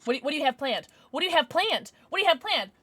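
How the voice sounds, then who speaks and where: A woman streamer chatting casually while playing chess, excitable and giggly, with squeals and hushed mutters. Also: high-pitched, rapid-fire, no echo.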